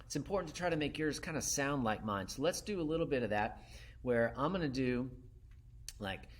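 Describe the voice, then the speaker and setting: A man's voice: mid-range voice, lively intonation, fairly quick. Man teaching a saxophone lesson. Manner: demonstrates by singing syllables; counts in and calls turns. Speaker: music teacher.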